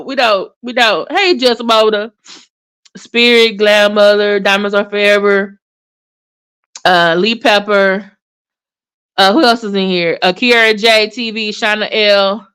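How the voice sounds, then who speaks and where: A woman hosting a casual livestream commentary, chatty and animated, with many fillers and restarts. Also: mid-range voice, a little slow, smooth. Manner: addresses viewers in chat by name. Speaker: commentary channel host.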